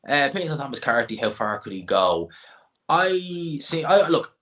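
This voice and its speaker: A man's voice: medium pitch, very animated, normal speed, fairly bright tone. A young Irishman, rambling casually while he answers chat questions on a boxing stream and repeats himself. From Ireland. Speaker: boxing channel host.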